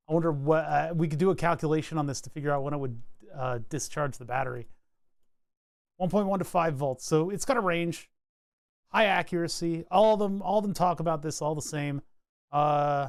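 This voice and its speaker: A man's voice: fairly high pitch, dry recording. A man casually talking through circuit board design on a live stream, rambling and joking as he reads out part numbers and datasheets. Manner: chatty, rambling, jokey asides while reading datasheets.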